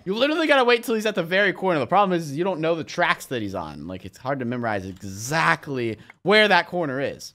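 An excitable young man narrating his own gameplay for viewers. His pitch leaps and swoops as he cheers and groans over every jump. He chats casually and yelps "flip" instead of swearing. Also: fast talker, hardly any pauses. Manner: chats to viewers while playing. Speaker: YouTuber playing a game. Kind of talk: let's play commentary.

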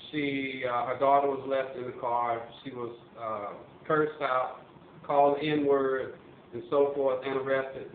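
An older man, a retired police officer from Missouri, telling stories in a halting casual way with many fillers and restarts. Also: medium pitch, a little hiss or hum. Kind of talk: casual storytelling monologue. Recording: tinny phone-like line, roomy echo.

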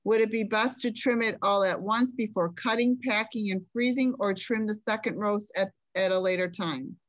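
A woman's voice: medium pitch, normal speed. Polite woman moderator with fillers. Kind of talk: asking questions in a live session.

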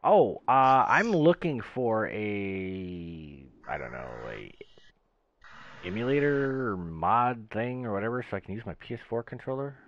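A man hosting a gaming channel, chatting casually and telling rambling, animated stories. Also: lowish voice, measured pace. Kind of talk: casual chat while gaming. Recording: dull lo-fi voice chat.

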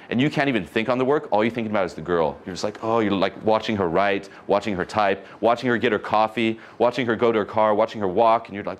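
A man coaching an audience on dating, talking in an animated way and acting out conversations. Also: lowish voice, fast.

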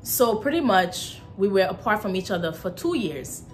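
A woman with a Nigerian accent chatting casually to camera as a vlogger, animated, with lots of fillers and emphatic jumps in pitch. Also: normal speed, soft background music.

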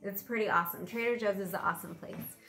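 Talking fast in a pushed, bright mid-range voice, a middle-aged vlogger rambles through a casual unboxing of a pack, amused by little things. A little hiss or hum is audible, along with roomy echo and faint background music.

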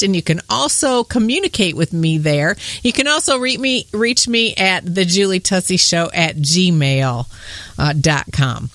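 A woman with a Southern US accent hosting a faith podcast in casual chat, bubbly and quick to laugh. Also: mid-range voice, dry recording. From northern US. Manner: bubbly, laughs often, whoops with excitement. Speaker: podcast host.

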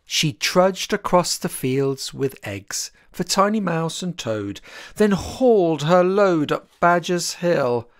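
An author reads a rhyming children's picture book aloud at an unhurried pace. The voice swoops up and down with an expressive, sing-song rhythm, and each line of verse is given its own shape. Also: mid-range voice, no echo, clean studio sound.

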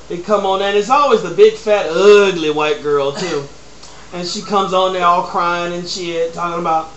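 Young man telling a crude funny story. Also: sits high. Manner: animated, crude, laughing. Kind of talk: casual comedic storytelling. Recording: roomy echo, faint noise.

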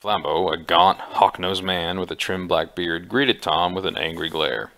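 A man reading an adventure book aloud with small slips, in a gravelly voice. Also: low voice, unhurried, fairly bright tone. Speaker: audiobook reader. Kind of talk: amateur audiobook reading.

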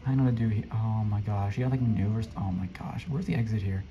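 A man commenting casually on his gameplay, excitable and flustered, often talking to the other players. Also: lowish voice, fast, lo-fi sound, a little hiss or hum. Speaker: gameplay streamer. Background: faint game music.

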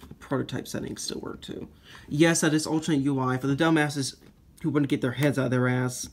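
A man giving casual commentary while demoing phone hacks, rambling and profane, quick to blow up into shouting. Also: medium pitch, steady tone. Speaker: iPhone jailbreak tinkerer. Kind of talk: casual screen demo commentary.

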